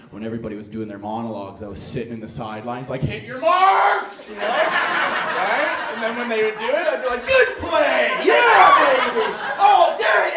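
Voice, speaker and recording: A young man from Alberta, Canada, with an Albertan accent, doing a stand-up set in a laid-back, bro-ish way, peppered with "right?" and "dude.". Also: fairly low pitch. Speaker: stand-up comedian. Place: comedy club stage. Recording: echoey club room with crowd laughter. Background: laughing audience.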